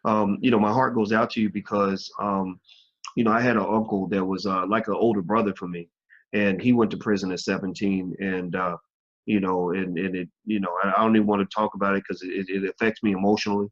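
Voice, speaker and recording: A man hosting an online interview show, talking in a halting way with many fillers and restarts. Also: low-pitched, little pitch movement, lo-fi sound. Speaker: host.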